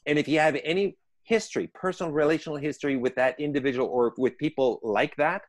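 A man's voice: fairly high pitch, fast. A man who trains people in conflict management, explaining ideas conversationally and acting out inner voices in short asides. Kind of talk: conversational teaching on a podcast.

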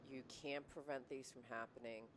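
A woman's voice: a bass voice, steady tone, normal speed, slight background noise. A woman hosting a casual conversation, reflective and rambling, often laughing and restarting her sentences. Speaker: podcast host.

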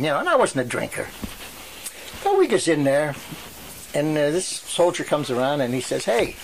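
An elderly man tells his stories in a rambling way, acting out the people he quotes. His voice sits a little high for a man. A faint hiss of noise runs under the recording. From western Pennsylvania. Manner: rambling storyteller who acts out quoted voices. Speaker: oral history interviewee. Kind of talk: storytelling reminiscence.

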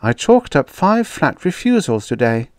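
A man voicing a frustrated, sharp-tongued woman linguist, lifting his voice high and snapping out her lines. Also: sing-song, unhurried, no room sound, studio quality. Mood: pressing. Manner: raised, snappish.

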